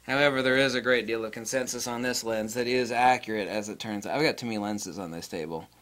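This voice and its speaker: Excitable guy doing a gear vlog, bright voice, blunt and crude, laughs a lot. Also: lowish voice, quick pace. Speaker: camera gear reviewer. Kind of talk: casual product review vlog.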